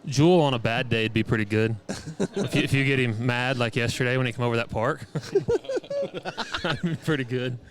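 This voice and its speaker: A man's voice: mid-range voice, very animated, moderate pace, very noisy. A man on a casual rodeo podcast, chatting in an easygoing way. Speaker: guest. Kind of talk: casual chat.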